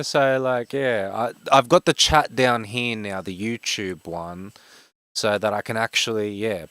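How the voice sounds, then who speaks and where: A man in his twenties from Australia with a broad Western Sydney accent, a game streamer who talks fast and rambles with many fillers in casual chat. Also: medium pitch, fairly bright tone, clean tone, no echo. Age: 20s.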